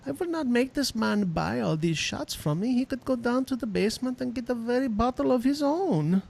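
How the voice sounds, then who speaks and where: A man's voice: very high-pitched, expressive, moderate pace, gravelly, a little mellow, pitched above the performer's own voice, heavily acted. A man voicing a practical German man in a comic put-on manner. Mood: reasonable.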